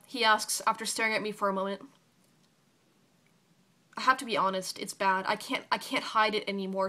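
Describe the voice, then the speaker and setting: A woman's voice: mid-range voice, a little fast, pushed and bright. Young woman reading her own story. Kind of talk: reading a personal story aloud.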